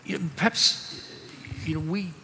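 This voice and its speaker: Australian man chairing a panel, bright voice. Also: high-pitched, fairly even intonation, a little slow. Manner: easygoing anecdotal storyteller. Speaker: panel moderator. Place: conference hall. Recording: reverberant hall with faint room noise.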